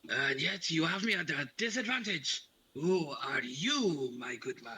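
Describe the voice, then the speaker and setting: Man voicing a sharp-tongued woman adventurer. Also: fairly high pitch, animated, heavily acted. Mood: teasing. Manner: dry, quick, teasing.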